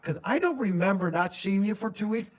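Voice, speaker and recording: A man's voice: high voice, lively intonation, fairly quick, a crowd in the background. A middle-aged man from Minnesota, co-hosting a podcast in a casual chat with an old friend, reflective and asking follow-up questions. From Minnesota, USA. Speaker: podcast co-host.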